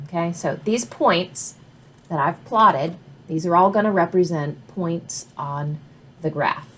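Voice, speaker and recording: A woman teaching a math lesson at an unhurried, deliberate pace, her voice sitting on the lower side. She walks through each step patiently and checks in with the listener. A faint hiss sits under the recording. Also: lively intonation. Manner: patient, step-by-step explaining with frequent "all right?" check-ins. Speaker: math instructor.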